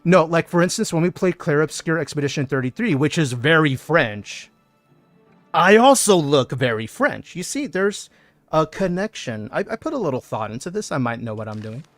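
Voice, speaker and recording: A man's voice: a little high, very animated, normal speed, no room sound. A man chats through a game stream with a playful, joking manner, reading out what his viewers write. His voice rises and falls a great deal. Faint music plays in the background. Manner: playful, jokey, reads chat aloud. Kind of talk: casual gaming stream chat.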